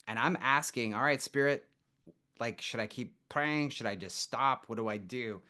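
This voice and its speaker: A man with a mid-range voice speaks at a normal speed as a podcast guest in a casual storytelling interview. He tells his stories in an animated way, acting out what people said.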